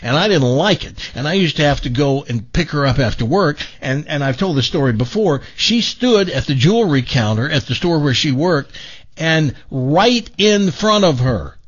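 Middle-aged guy on talk radio, raspy voice, pitch jumping all over as he tells it. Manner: animated storyteller, lively pitch. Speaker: radio host. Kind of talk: casual radio talk and joke telling. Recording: dull lo-fi radio broadcast.

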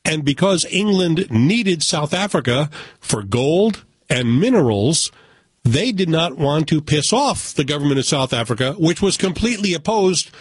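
A man's voice: fairly high pitch, lively intonation, normal speed, slightly rough, dry recording. A man from the United States giving a casual, opinionated film review with joking asides. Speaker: film critic.

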